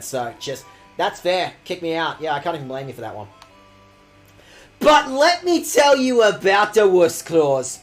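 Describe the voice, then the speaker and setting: A man streaming a video game, ranting at the characters with sarcastic, profane commentary. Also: on the high side. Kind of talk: let's-play commentary.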